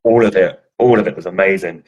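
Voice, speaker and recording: Podcast host guy, husky lowish voice, chatty storyteller. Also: fast, darkish tone, highs cut off. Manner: chatty storyteller, swears casually. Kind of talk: casual chat.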